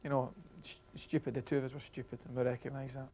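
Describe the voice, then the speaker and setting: A man's voice: mid-range voice, flat delivery, fast, very noisy. A Scottish man, a former footballer, telling anecdotes in an interview and acting out the voices of the people he quotes. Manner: chuckling storyteller, acts out quoted voices.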